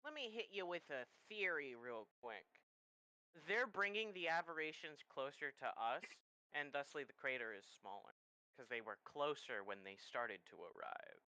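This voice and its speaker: A tabletop player floats theories quickly. The voice is animated and bright, with a smooth tone. The sound is dry and close. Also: mid-range voice, dry recording, rough recording. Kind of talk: casual tabletop play.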